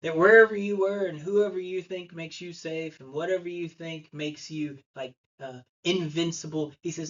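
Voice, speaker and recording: A man's voice: a little high, steady tone, normal speed, few pauses, muffled recording. A man preaching a sermon, telling a story and acting out the people in it. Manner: storytelling, acts out the voices in his story. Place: church.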